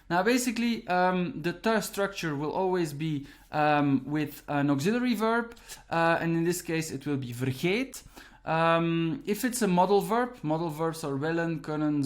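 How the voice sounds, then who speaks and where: A man gives an online grammar lesson in a slightly high voice. He explains patiently, one step at a time. He keeps checking in with the viewer with a quick "right?" or "okay". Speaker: Dutch language teacher.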